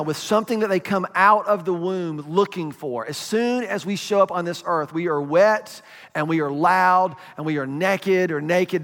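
Male pastor, conversational sermon, high voice, long hall reverb. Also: fairly bright tone. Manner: conversational, asks the congregation questions.

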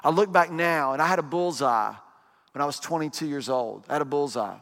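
A man in his forties preaching a sermon, telling stories with lively energy and asking the congregation rhetorical questions. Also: a little high, a little fast, in a large hall. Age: 40s. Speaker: pastor.

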